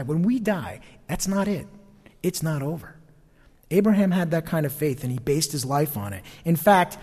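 A male pastor preaching a sermon in a lively, animated way, acting out the voices he quotes. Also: high-pitched. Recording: long hall reverb.

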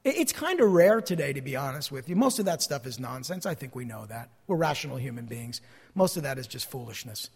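A man preaching a sermon as pastor, emphatic, repeating key phrases and swinging between loud declarations and hushed asides. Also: medium pitch, very animated, fairly quick, breathy edge. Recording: long hall reverb.

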